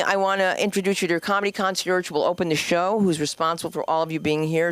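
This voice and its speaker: A woman's voice: lowish voice, a bit bright, clean tone. A woman from New Jersey with a New Jersey accent, the school's owner, hosting a stand-up show in a brash, profane, rambling way. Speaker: comedy school owner and host. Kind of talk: stand-up comedy. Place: comedy club stage.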